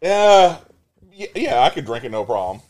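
Lively, teasing man on a podcast. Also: on the high side, moderate pace. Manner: teasing, profane, laughing. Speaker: podcast co-host. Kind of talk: casual chat.

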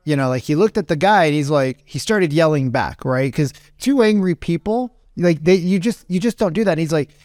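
A man in his late thirties or forties, a podcast host telling a rambling, animated story in casual talk. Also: fairly high pitch, brisk, few pauses, dry recording, clean studio sound. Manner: rambling, animated, acts out quoted voices.

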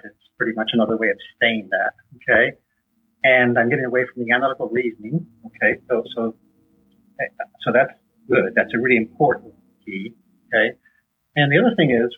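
A husky-voiced man talks through a thin, tinny phone line like an interview guest on a call. He tells stories animatedly and his voice jumps upward whenever he acts out someone else's lines. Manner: animated storyteller, acts out dialogue with rising pitch. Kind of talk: conversational teaching on faith.

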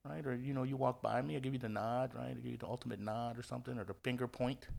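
A man's voice: mid-range voice, fast talker, vocal fry. A man from Indiana, a football coach, telling stories in a casual interview with lots of fillers, restarts and acted-out quotes. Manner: animated storyteller, acts out quoted voices, many fillers and restarts.

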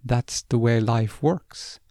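A man voicing a calm, firm young woman traveler, speaking matter-of-factly. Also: medium pitch, slow, no echo, close to an everyday voice.

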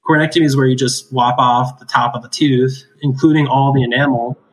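A man's voice: mid-range voice, fairly even intonation, a little fast, rough recording. A man who works as an oral surgeon, explaining extraction cases in a casual chat, laughing often and tagging his points with "right?". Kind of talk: casual clinical discussion.

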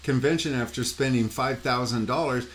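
A painting coach who hosts a podcast, this man speaks at medium pitch and a moderate pace over slight background noise. He tells a rambling anecdote in casual chat, peppered with "you know" and "like," animatedly mimicking voices and making sound effects himself.

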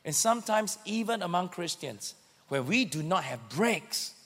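A man preaching about marriage, acting out arguments in a lively, animated way. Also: high-pitched, measured pace, slightly rough. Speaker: pastor. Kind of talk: sermon teaching with a couple. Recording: long hall reverb.

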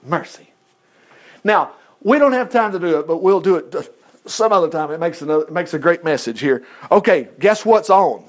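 A man teaching a Bible lesson in an animated way, chuckling and making chatty asides. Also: a little high, normal speed.

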